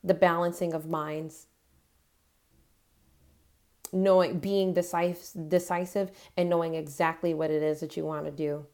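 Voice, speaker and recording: A woman's voice: sits low, little pitch movement, a little slow, long pauses, darkish tone. A woman reading tarot cards to camera, speaking earnestly and encouragingly and growing emotional as she reassures her viewers. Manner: gives affirmations straight to her viewers. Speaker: tarot reader.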